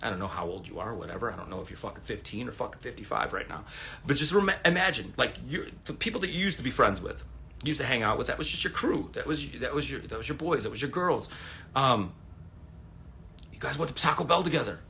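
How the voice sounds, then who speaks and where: A man's voice: mid-range voice, quick pace, gravelly, a little hiss or hum. A man in his forties talking to viewers on a phone livestream from home, rambling and swearing as he tells stories. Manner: rambling, profane, animated storytelling. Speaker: livestream host. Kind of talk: casual livestream monologue.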